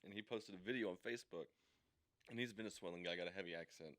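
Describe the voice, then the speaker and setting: Low-voiced man ranting on a podcast. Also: fast talker, fairly bright tone. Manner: heated, emphatic ranting with frequent restarts. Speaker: podcast co-host. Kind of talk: opinionated podcast chat.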